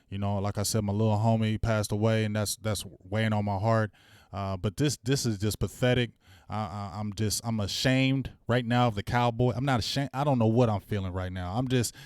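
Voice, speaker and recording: A man's voice: lowish voice, normal speed, clean tone, no echo, clean studio sound. A middle-aged man hosting a sports fan show, ranting bluntly and heatedly in slangy casual speech. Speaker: sports talk host. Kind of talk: fan rant commentary.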